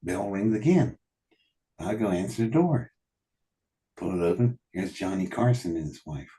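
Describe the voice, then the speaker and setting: A man telling animated anecdotes in a casual conversation, often laughing and quoting what people said. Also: sits low, moderate pace. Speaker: guest telling stories. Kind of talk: casual storytelling.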